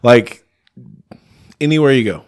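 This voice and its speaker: A man's voice: mid-range voice, measured pace, clean tone, no echo, studio quality. A man co-hosting a podcast in casual chat, teasing and ribbing his friend. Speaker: podcast co-host.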